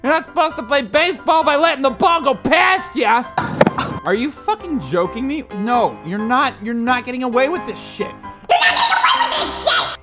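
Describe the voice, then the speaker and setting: A young man doing casual, profane commentary while playing a video game, excitable and yelling at the game. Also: very high voice, moderate pace. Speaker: gameplay commentator. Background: game music.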